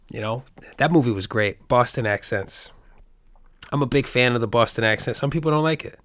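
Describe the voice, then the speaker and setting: A man from the Bronx with a New York accent, hosting a casual solo podcast in a rambling, profane, animated way. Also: medium pitch, brisk, dry recording, studio quality. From the Bronx, New York City. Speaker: podcast host.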